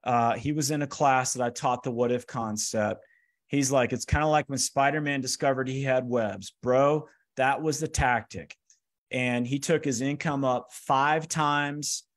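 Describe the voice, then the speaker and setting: A man telling stories in a lively motivational talk, acting out the lines of the people in them. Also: medium pitch. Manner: energetic, acts out quoted dialogue. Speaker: speaker giving a finance workshop. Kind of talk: animated motivational storytelling.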